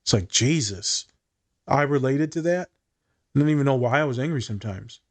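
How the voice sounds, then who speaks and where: A man's voice: medium pitch, animated, moderate pace. A man co-hosting a casual discussion, speaking bluntly and candidly, swearing freely and thinking aloud with fillers and restarts. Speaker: podcast co-host.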